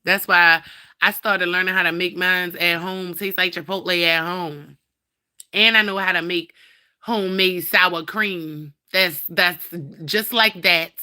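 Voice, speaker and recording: A woman's voice: lowish voice, steady tone, unhurried, pushed and bright, clean tone, no echo, clean studio sound. A young woman, ranting casually on a phone livestream and scolding her cat. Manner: blunt, profane, talks to her cat and viewers.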